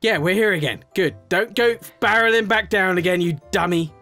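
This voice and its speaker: Male gamer, frustrated rage commentary, loud outbursts to low grumbles, heavy swearing. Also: moderate pace, faint music behind. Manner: swearing, scolding himself and his character in frustration; swings between yelling and low muttering. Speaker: gaming YouTuber. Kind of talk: gameplay commentary.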